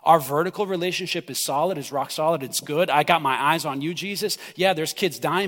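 A pastor delivers an impassioned sermon in a fairly high voice, rising to pleading cries and dropping to near-hushed stretches. His words ring out with a long reverb from a church hall. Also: a little fast, hardly any pauses.

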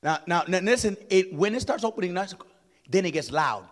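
A man preaching as an evangelist, telling a story dramatically, swinging from hushed tones to shouts. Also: high voice, expressive, fast talker. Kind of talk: sermon storytelling. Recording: long hall reverb.

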